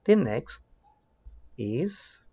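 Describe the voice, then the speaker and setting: Slow, lively Spanish-accented male teacher. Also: mid-range voice, breathy edge, no room sound. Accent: Mexican Spanish. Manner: slow, drawn-out drills with lively rising prompts. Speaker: English teacher. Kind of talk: bilingual children's English lesson. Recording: dull lo-fi sound.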